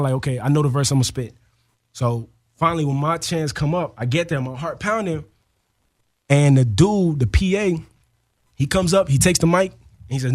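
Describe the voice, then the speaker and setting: Man, rapid animated storytelling, slangy interview guest. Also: on the high side. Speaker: rapper guest.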